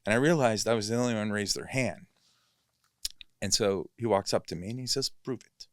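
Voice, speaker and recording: A man's voice: lowish voice, a little fast, dry recording. A male actor, a guest in a podcast studio, telling a long story in a casual, rambling way, often correcting himself and filling gaps with "you know".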